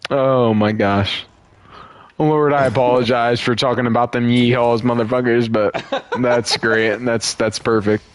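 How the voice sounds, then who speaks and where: A young man talking over his gameplay, loose and rambling, dropping swear words as he goes. His mid-pitched voice sounds close and dry, with no room around it. He laughs easily and keeps the chat casual. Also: fairly even intonation, measured pace, dry recording. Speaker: streamer.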